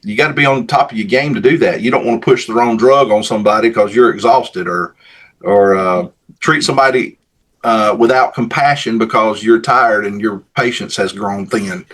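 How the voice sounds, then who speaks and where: A man who is a paramedic and pastor, talking in a measured way with dry, dark humor as a guest. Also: lowish voice, breathy edge. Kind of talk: casual interview chat.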